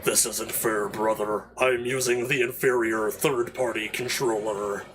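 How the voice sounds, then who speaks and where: A man doing stiff, deadpan young constructs. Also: unhurried, background noise, lightly acted. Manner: flat, formal, low. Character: young male constructs, formal and literal.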